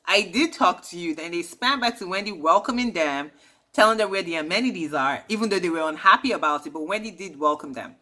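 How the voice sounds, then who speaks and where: A woman's voice: on the low side, expressive, fast talker, sharp tone. A woman casually recapping a reality show, chatty and slangy, dropping opinionated asides.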